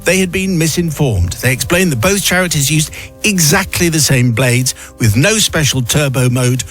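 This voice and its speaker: Give me a radio host with a somewhat high voice, reading a listener's letter with dry theatrical flair. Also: male voice, lively intonation, normal speed, a bit bright, soft background music.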